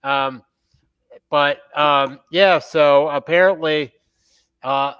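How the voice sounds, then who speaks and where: A man's voice: on the high side, steady tone, extremely slow, clean tone, muffled recording. A man co-hosting a podcast in casual chat, hesitant and full of "um"s. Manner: hesitant, with many "um"s and restarts. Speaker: podcast co-host.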